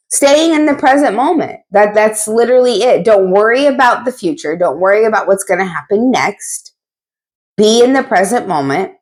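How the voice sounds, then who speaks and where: A woman's voice: medium pitch, a little mellow. A woman giving a casual tarot reading, talking in a blunt, chatty way with frequent asides and casual swearing. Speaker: tarot reader.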